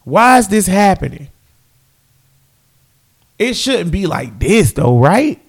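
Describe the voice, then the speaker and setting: A high-voiced young man breaks down his team's offense in a casual fan rant. He keeps circling back to the same phrases and talks directly to the people watching. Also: slow pace, slightly rough. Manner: animated, repeats phrases, talks straight to viewers. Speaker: sports fan commentator.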